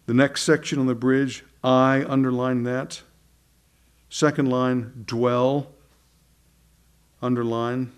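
A man's voice: mid-range voice, level tone, slow, pauses often, clean tone. A man teaching a group the words and beats of a new hymn, reading psalm verses aloud with frequent restarts. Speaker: song leader teaching a hymn.

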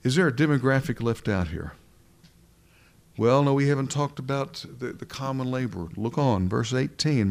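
Gravelly-voiced male preacher. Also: medium pitch, moderate pace. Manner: earnest, emphatic, with rhetorical questions. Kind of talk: sermon.

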